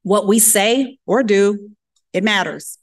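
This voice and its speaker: A woman's voice: medium pitch, slow. A woman giving a lecture, telling a story and acting out the dialogue in character voices. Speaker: guest speaker at medical grand rounds.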